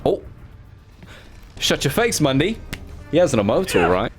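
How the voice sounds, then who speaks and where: An excitable male gaming YouTuber giving casual commentary, with a slightly raised voice that swings widely in pitch. He swears freely and jokingly scolds himself. Faint game music plays in the background. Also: normal speed, pauses often.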